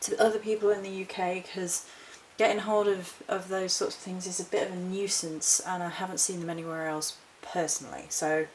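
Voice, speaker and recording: A woman with a slightly low voice chats through a haul vlog, rambling and correcting herself. Her talk is casual and unscripted. A faint hiss sits under the recording. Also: level tone, a little fast, hardly any pauses, low-quality recording. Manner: chatty, rambling, self-correcting. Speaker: witchcraft vlogger.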